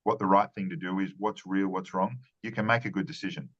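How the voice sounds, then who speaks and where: Deep-voiced earnest man, lo-fi. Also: steady tone, quick pace. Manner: earnest, repeats words and restarts phrases. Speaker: marketing strategist guest. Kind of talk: conversational interview answers.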